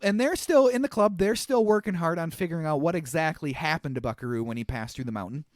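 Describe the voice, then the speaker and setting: A man's voice: a little high, fast, no room sound, studio quality. A man in his thirties co-hosting a podcast, retelling a movie's plot in casual chat with frequent laughter and asides. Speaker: podcast co-host.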